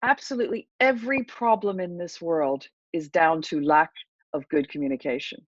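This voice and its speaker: Woman coaching a calming breath technique. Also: fairly low pitch, moderate pace, no echo, muffled recording. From England. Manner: confident, instructive, warm-paced coaching. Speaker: therapist and hypnotherapist guest. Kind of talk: interview answers with a guided breathing demo.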